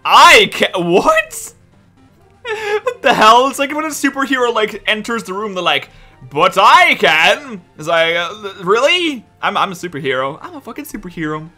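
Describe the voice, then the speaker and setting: A man hosting a gameplay commentary, excitable and exasperated, swearing often and pleading with the game. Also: high voice, moderate pace, soft background music. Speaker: let's play host.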